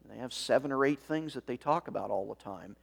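A man preaching a sermon as pastor, measured and reflective, with rhetorical questions and dry asides. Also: medium pitch, expressive, gravelly, husky. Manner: dry, self-aware asides.

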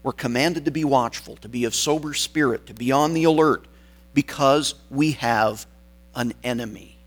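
A man preaching a sermon, stressing key words and pausing for weight between phrases. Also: mid-range voice, poor audio. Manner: deliberate, emphatic phrasing with dramatic pauses.

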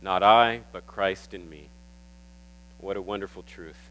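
A man preaching a sermon to his church, warm and emotional, often stumbling and repeating words. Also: low-pitched, steady tone, a little slow, rough recording. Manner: warm, emotional, getting teary at times. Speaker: pastor.

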